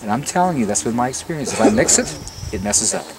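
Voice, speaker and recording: A man from the Los Angeles area giving a garden tour, telling stories with lively energy and often repeating words as he starts his sentences. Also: medium pitch, fast talker. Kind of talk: casual outdoor talk to a tour group. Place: outdoors in a garden with a crowd. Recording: distant outdoor recording with crowd noise.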